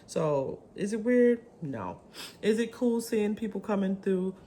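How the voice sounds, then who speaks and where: A woman vlogger chatting casually to camera in a chatty, animated way, with swooping pitch and many ums. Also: a little slow, slight background noise.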